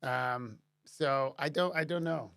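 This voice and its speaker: A man's voice: mid-range voice, takes it slowly, vocal fry, fairly bright tone, clear, resonant tone. A man casually answering chat questions on a live stream, rambling with many restarts and fillers. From Canada.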